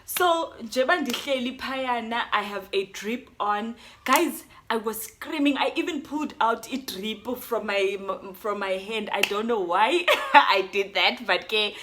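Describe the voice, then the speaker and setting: A young South African woman with a South African accent, telling a personal story in an animated, code-switching way. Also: on the high side, unhurried, hardly any pauses, background noise. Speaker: YouTuber. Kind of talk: storytime vlog.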